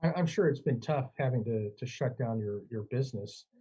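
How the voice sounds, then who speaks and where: Male moderator, warm low-key tone, hesitant questions, dull lo-fi sound. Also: fairly quick, breathy edge. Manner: hesitant questioning, full of fillers. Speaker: debate moderator. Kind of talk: moderated debate.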